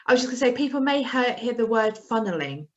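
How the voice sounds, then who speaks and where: A woman's voice: a little high, animated, quick pace. A woman and adoptive parent explains practical tips casually on a video call webinar. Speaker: adoptive parent on the membership team. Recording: dull lo-fi video call audio.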